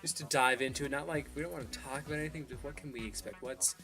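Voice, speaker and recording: A man's voice: mid-range voice, quick pace, music in the background. A man co-hosting a casual podcast, telling goofy stories and joking around. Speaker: podcast co-host. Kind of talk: casual chat.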